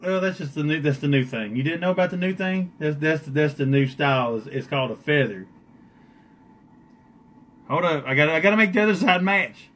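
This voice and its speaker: A man's voice: on the high side, expressive, brisk, fairly bright tone. A man doing a joking live-stream makeup session, teasing and boastful.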